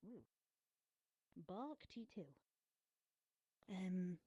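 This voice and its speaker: A woman talking excitedly in roleplay game chat, bubbly and quick to react. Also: mid-range voice, no echo, highs cut off. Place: heard through game voice chat.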